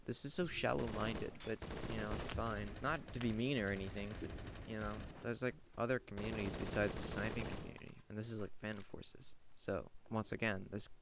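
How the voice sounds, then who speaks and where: A young man talks through his views on a game in a loose, rambling way. His voice sits a little low, and he keeps reaching for "like" between thoughts. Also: fairly even intonation, a little fast, vocal fry, background noise. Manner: rambling, heavy use of "like". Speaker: gaming commentator. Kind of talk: casual rambling commentary.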